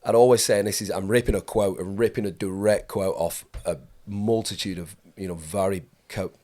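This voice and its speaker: A man's voice: fairly low pitch, fairly even intonation, a little fast, mellow. A man hosting a podcast, a skydiving coach who talks emphatically and repeats his points. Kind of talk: podcast conversation.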